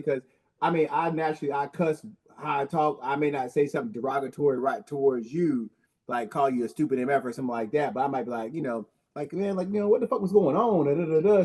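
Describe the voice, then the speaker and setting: A man's voice: a little high, a little mellow. A male panelist, laid-back, swearing casually and stammering into his points.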